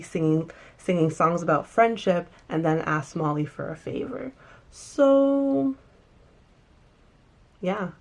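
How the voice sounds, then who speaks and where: A woman casually recapping and reviewing a TV episode, animated and emphatic, often restarting sentences. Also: on the low side.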